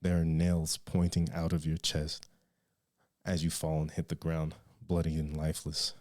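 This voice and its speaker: A man narrating as game master in a tabletop game, halting and restarting as he draws out his descriptions. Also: rumbling low, completely flat delivery, darkish tone. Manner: halting, with many fillers and restarts, drawn-out descriptions.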